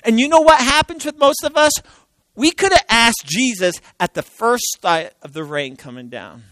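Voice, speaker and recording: Animated high-voiced preacher, man. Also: normal speed, no room sound, poor audio. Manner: animated, swings from loud exclaiming to hushed near-whispers; acts out quoted voices, laughs between lines. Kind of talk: sermon.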